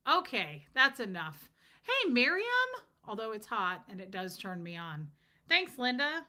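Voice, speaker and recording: A middle-aged woman chatting live to her viewers, joking around and calling out their names as the comments come in. Her voice is bright and forward, at an ordinary pitch. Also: sing-song, unhurried. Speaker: livestream host reading viewer comments. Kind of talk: casual livestream chat.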